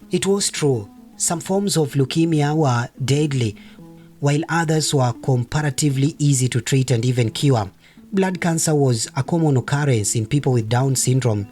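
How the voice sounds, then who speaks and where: A man narrates a novel in a measured, unhurried storytelling voice at a middle pitch. Faint guitar music runs under the reading throughout. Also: darkish tone. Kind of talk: audiobook narration.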